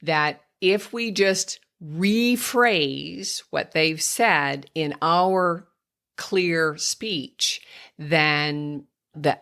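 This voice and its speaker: Slow-speaking older woman teaching parents. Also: low voice, gravelly, fairly bright tone. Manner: patient, explanatory, slips into exaggerated child-directed speech when modeling. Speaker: speech therapist and podcast host. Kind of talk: instructive podcast talk to parents.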